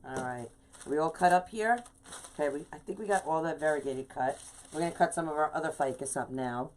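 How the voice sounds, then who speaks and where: A woman's voice: sits low, a little fast, a little mellow, slight background noise. A middle-aged woman hosting a live craft video, chatting casually while she works and greeting viewers by name. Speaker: craft livestream host.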